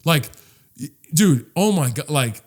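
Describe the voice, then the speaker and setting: Animated, profane man, a bit high. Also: unhurried. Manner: animated, profane, rambling with restarts. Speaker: podcast co-host. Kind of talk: casual chat.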